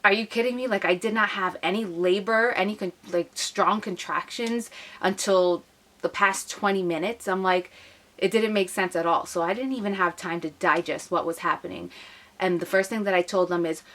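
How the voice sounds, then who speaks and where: Young female vlogger, fairly low pitch, tells an emotional personal story to camera. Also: steady tone, normal speed, a bit bright. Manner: emotional, retelling with acted quotes.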